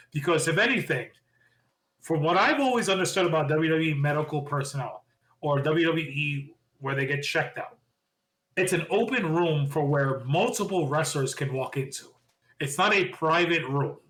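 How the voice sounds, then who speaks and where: A man co-hosting a podcast, excitedly retelling a wrestling show and acting out quotes with lots of laughter. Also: on the high side, measured pace. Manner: excitable storyteller, laughs often, acts out quotes. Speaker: podcast co-host. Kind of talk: casual wrestling recap chat.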